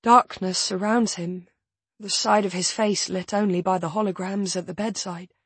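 A woman narrating a first-person novel in a measured, intimate storytelling manner. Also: medium pitch, steady tone, husky, no echo. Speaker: audiobook narrator.

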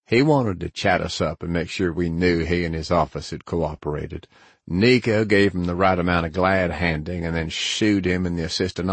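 A man reads a first-person audiobook in a very low, husky voice. His delivery is measured and dry, and the recording is close, with no room sound. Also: dry recording. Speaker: narrator.

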